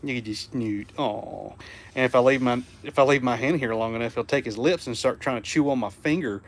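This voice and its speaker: A man with a Southern US accent hosting a casual livestream from home, reading viewer comments and speaking gently to his dog. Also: medium pitch, brisk. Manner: easygoing, drops to a hushed murmur around his dog. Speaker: livestream host. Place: home room indoors.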